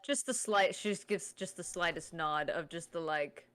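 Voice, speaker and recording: A woman playing in a tabletop role-playing game, chatty and quick to joke. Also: lowish voice, a bit bright, no echo. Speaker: player. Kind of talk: tabletop role-play chat.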